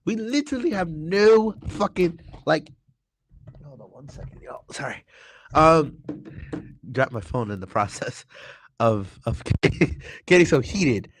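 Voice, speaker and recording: A man's voice: on the high side, animated, a little slow, pauses often, a little hiss or hum. A young man hosting a political talk show, ranting heatedly with constant swearing and stammered restarts. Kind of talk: heated profane political rant.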